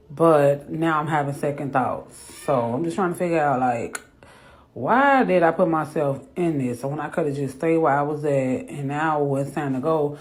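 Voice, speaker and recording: Teary mother vlogging at home. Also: sits low. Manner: rambling, talks to herself aloud. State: teary, has been crying. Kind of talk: emotional confessional vlog. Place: home bathroom and kitchen.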